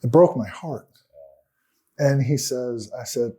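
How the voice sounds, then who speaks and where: A man telling his own story in an earnest, aggrieved way as a talk-show guest. His voice is mellow and warm, set in an ordinary middle pitch, and his sentences often sink to a quiet finish. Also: slow pace, husky.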